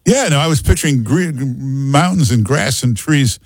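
A man's voice: medium pitch, animated, moderate pace, slightly rough, no echo. Blunt, sarcastic male talk radio host.

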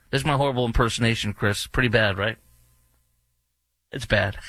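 A man's voice: lowish voice, fairly quick, pushed and bright, dry recording. A man hosting a talk radio show, ranting indignantly with sarcastic asides. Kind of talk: opinionated radio commentary.

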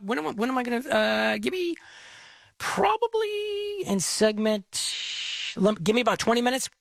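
A man's voice: high-pitched, a bit bright, dry recording. A middle-aged man hosting a call-in radio show in a rambling, chatty manner with lots of fillers. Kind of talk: casual radio talk.

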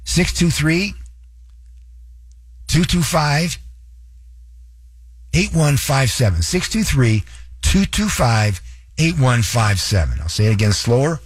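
A man hosting a radio talk show, coaching listeners directly and spelling out details slowly. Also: mid-range voice, big pitch swings, husky, dry recording.

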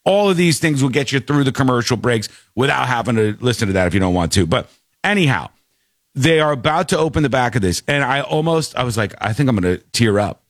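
Male show host, lively swooping delivery, dry close sound, chatty and rambling. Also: medium pitch, quick pace, no echo. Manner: animated, rambling, laughs often. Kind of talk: casual talk show banter.

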